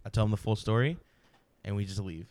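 A man hosting a casual home podcast, telling a story in an animated way and acting out the quoted lines. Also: lowish voice, fast talker. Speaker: podcast host. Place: home room.

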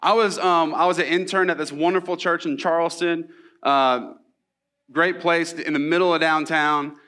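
A man's voice: fairly high pitch, fairly even intonation, moderate pace, bright, forceful tone. A young man preaching a sermon in a casual, storytelling way, with asides and rhetorical questions. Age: young adult. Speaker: pastor.

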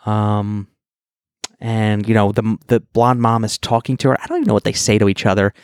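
A man co-hosts a casual podcast, recapping a movie with wry asides and plenty of restarts. His voice sits low and sounds dry and close to the mic. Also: normal speed, clear, resonant tone, no room sound. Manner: rambling, many fillers and restarts, wry. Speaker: podcast co-host.

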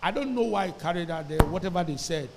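A man's voice: high-pitched, animated, fast talker, noisy background. A man preaching a sermon as pastor, telling a story and calling on the congregation to repeat phrases after him. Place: church hall. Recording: long hall reverb.

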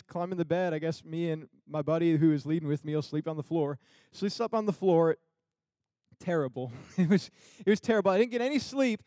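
A man's voice: sits high, dark tone, dry recording, clean studio sound. A young man telling a funny personal story to an audience, laughing often and acting out the people he quotes.

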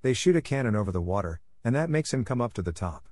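A man voicing Huck, a rough backwoods boy who talks in a drawling rustic dialect in a storybook reading. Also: mid-range voice, sing-song, quick pace, darkish tone, dry recording, studio quality. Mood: matter-of-fact.

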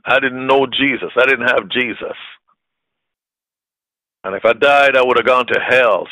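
A male preacher delivers a sermon with passion, climbing into emphatic, repeated declarations. His voice is bright and forceful. The sound is dry and close, with no room around it. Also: mid-range voice, no echo, low-quality recording. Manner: impassioned, rising to shouted peaks; repetitive emphatic phrasing.

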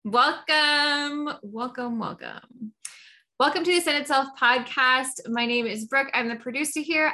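A woman's voice: a little high, bright, forceful tone. A woman, a podcast producer and business coach, chatting easily and playfully, then reading a podcast intro. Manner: easygoing, playful.

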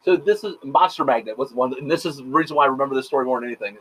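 A man hosting a casual podcast chat, telling stories quickly and profanely, with lots of quoted back-and-forth. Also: mid-range voice, a bit bright, breathy edge, poor audio. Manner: rapid, profane storytelling full of quoted dialogue. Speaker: podcast host.

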